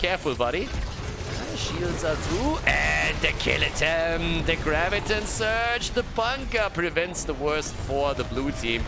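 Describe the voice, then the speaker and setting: A man casting a video game match by himself, excited at big plays and calm between them. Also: mid-range voice, background noise. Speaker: esports caster. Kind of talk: solo play-by-play commentary.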